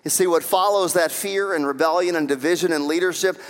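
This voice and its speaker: High-voiced preacher in a reverberant hall. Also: male voice, a little fast. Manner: preacher who acts out quoted voices, rising to fervent emphasis. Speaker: pastor. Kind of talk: sermon.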